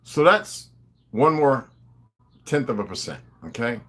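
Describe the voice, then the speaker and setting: Man, ranting, lecturing, confrontational, swooping animated pitch. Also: measured pace. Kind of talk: profane ranting monologue.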